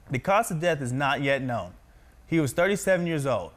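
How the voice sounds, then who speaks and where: A man's voice: a little high, big pitch swings, moderate pace. A man practicing reading news copy aloud, stumbling over names and repeating corrections.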